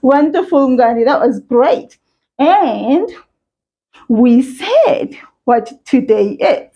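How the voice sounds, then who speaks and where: Woman teacher for kids, high bright voice, slow careful pace, slightly dull recording. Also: very animated. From South Africa. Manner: encouraging, sing-song, slow and clear. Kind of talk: children's language lesson.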